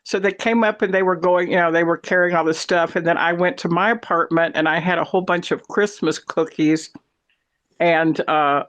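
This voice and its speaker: A man in a casual chat, telling long stories in an animated, rambling way. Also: on the high side, moderate pace.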